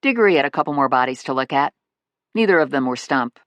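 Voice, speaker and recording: An audiobook narrator reading in a wry, lively way, the voice rising and falling a great deal. The recording is close and dry, with no room sound. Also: mid-range voice, fast talker, dry recording. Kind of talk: scripted narration.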